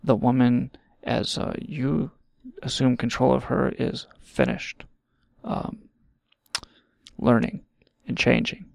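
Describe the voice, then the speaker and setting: A man's voice: medium pitch, level tone, slow, creaky, pauses often, a little mellow, dry recording, studio quality. A man hosting a show, ranting in a rambling, sarcastic and profane way. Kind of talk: casual comedic rant.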